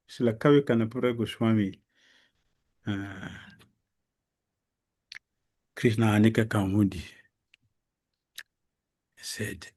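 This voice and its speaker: Slow, mellow-voiced man giving a devotional lecture. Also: medium pitch. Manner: slow, emphatic storytelling with frequent pauses and fillers. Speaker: spiritual teacher. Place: lecture hall.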